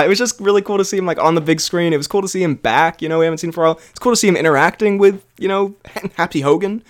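A man's voice: high-pitched, racing, few pauses. A young man co-hosting a casual film review podcast, talking in a rambling way with lots of fillers and restarts. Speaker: podcast co-host.

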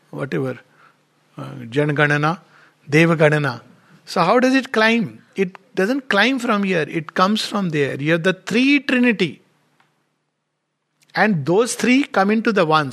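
Man, high-pitched, lecturing on spiritual ideas through stories. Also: creaky, fairly bright tone. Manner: storytelling with quoted dialogue, rhetorical questions. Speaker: spiritual speaker. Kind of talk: discourse.

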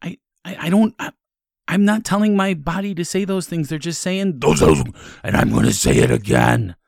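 A man playing a timid, stammering young male assistant in his twenties who keeps breaking into deep demonic growls. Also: sing-song, moderate pace, creaky, darkish tone, dry recording, studio quality, full character voice. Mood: scared. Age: 20s. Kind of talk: improvised comedy podcast. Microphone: headphones and studio mic.

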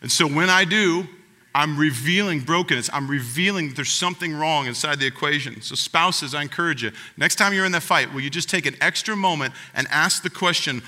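Bright, sharp-voiced preaching man. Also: fairly high pitch, brisk, long reverb tail. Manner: earnest, direct address to the congregation. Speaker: pastor. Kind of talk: sermon.

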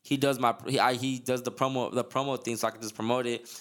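A man hosting a podcast, rattling off his thoughts at a fast clip. He rambles in casual slang and keeps restarting his sentences. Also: mid-range voice, flat delivery, a bit bright. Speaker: podcast host. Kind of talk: casual chat.

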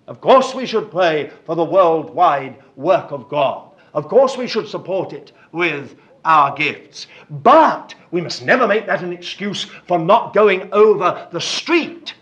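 A man's voice: high-pitched, fairly bright tone. A man preaching a sermon, emphatic and fond of repeating words for stress. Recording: dull lo-fi recording.

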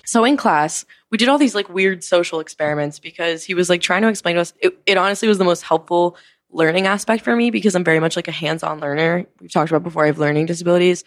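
Chatty young woman, lowish voice. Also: quick pace. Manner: chatty, rambling, frequent "like" fillers, swears casually. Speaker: podcast host. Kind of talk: casual storytelling chat.

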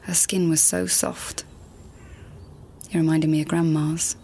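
A woman's voice: deep voice, little pitch movement, unhurried, vocal fry, mellow, a little hiss or hum. An actress playing a grown daughter who speaks hesitantly, with wry asides, to her dead mother in a radio drama. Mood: wistful.

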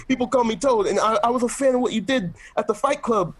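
A man voicing an odd, nervous guy who stammers while trying to calm someone down. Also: very high voice, slight background noise, pitched above the performer's own voice. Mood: placating. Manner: halting and placating.

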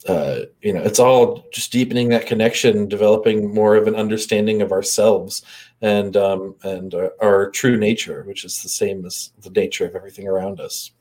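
A man's voice: lowish voice, steady tone, normal speed, a little mellow. A man co-hosting a casual spiritual chat, speaking reflectively with frequent fillers and laughs. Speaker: co-host, energy healer.

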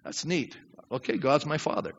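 Speaking with a fairly high, gravelly, fairly bright voice, expressive and at a moderate pace, a middle-aged man preaches as pastor to a congregation in a church sanctuary. He talks conversationally, poses questions to them, and acts out prayers; the audio is dull with long hall reverb.

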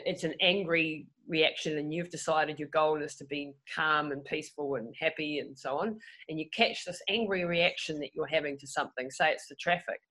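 A woman's voice: low-pitched, poor audio. A woman guest in a casual conversation, talking animatedly, often restarting her sentences and acting out what people say in their heads. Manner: animated, restarts often, acts out inner voices.

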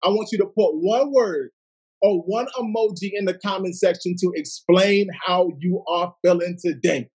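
Brief: high-voiced, husky man, energetic slangy Bible study host on a phone stream. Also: normal speed. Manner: hyped, slangy, calls out viewers by name. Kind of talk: casual livestream welcome and Bible study.

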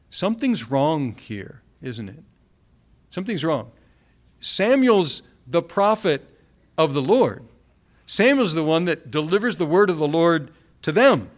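A man's voice: a little high, lively intonation, unhurried. A man preaching a sermon, reading Bible verses aloud and repeating key phrases for emphasis.

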